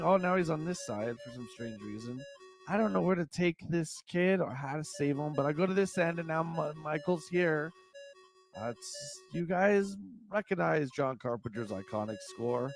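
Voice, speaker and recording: An excitable man hosts a retro gaming stream and narrates his own playthrough, his gravelly voice swinging high and low. He shrieks and exclaims as the game surprises him, and faint music plays behind him. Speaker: livestream host.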